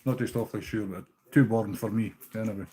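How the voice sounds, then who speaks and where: A fast-talking Scottish man with a lowish, dark-toned voice and fairly even intonation chats with viewers while tying fishing flies on a live stream. He's easygoing and swears now and then. A little hiss or hum sits under the recording.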